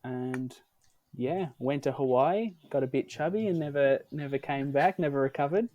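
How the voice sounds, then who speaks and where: A man's voice: mid-range voice, normal speed, darkish tone, highs cut off. A young Australian man co-hosting a podcast, chatting casually in a rambling, hesitant way with many ums. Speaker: podcast co-host. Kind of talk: casual chat.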